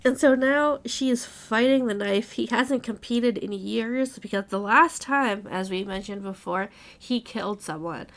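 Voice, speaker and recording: A woman hosting a casual book club chat, recapping the plot in animated retellings full of quoted lines and swearing. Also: fairly high pitch, unhurried, few pauses.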